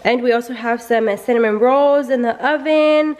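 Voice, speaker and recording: Young woman, high voice, stuffy nose, chatty family vlog. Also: moderate pace, a little mellow, faint music behind. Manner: chatty, lots of "like" and "guys". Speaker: family vlogger. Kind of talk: casual vlog chat.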